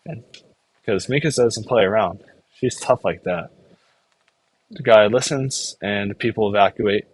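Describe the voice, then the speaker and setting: This anime reviewer has a husky, fairly low voice and keeps a moderate pace. He recaps episodes in a casual, rambling way, saying "like" constantly among other fillers and now and then performing a character's line.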